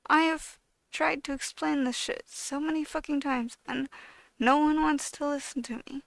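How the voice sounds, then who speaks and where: A woman's voice: high voice, fairly even intonation, normal speed, gravelly, dry recording. A young adult woman talking straight to camera in a casual vlog, venting in a blunt, frustrated, profane way, dropping to a mumble at times and then raising her voice. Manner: swings between mumbling and raised voice. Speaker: vlogger.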